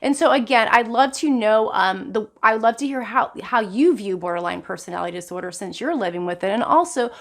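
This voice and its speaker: A middle-aged woman speaks straight to her viewers in a casual, personal vlog. Her voice sits somewhat high, and she often jumps sharply upward in pitch to stress a point. She sounds earnest and open. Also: lively intonation, brisk, gravelly, hardly any pauses, fairly bright tone. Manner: frequent sudden jumps in pitch for emphasis. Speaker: vlogger. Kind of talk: casual talk to camera.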